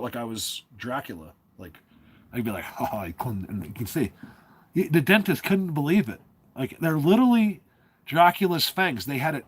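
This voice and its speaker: A man's voice: a little high, slightly rough. A man from New Jersey hosting a casual livestream, rambling along with lots of fillers and restarts. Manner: rambling, filler-heavy, self-interrupting. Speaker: livestream host.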